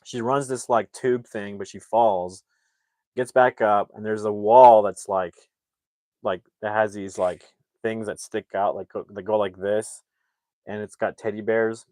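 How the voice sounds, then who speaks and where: Low-voiced man rambling through a plot. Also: steady tone, measured pace, darkish tone, no echo. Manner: rambling, filler-heavy, acts out quotes. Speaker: movie reviewer. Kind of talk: casual plot retelling.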